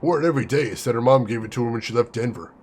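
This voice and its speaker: A man voicing a grieving male friend of a murder victim in a video game, speaking softly and earnestly. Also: mid-range voice, rapid-fire, soft background music, pitched below the performer's own voice, natural voice. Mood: sad.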